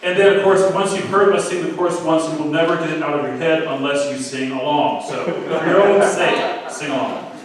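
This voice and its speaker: A man's voice: fairly high pitch, fairly quick. A man leading a crowd at a community assembly, giving playful sing-along instructions with a joking, self-mocking manner. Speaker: song leader at an assembly. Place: large hall at a community assembly. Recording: echoey hall from far off.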